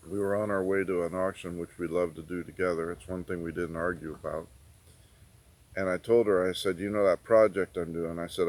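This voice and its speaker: A man's voice: low-pitched, dry recording. Folksy middle-aged man telling a story. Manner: folksy, rambling, repeats "I said". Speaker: prepping channel host. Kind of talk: casual storytelling.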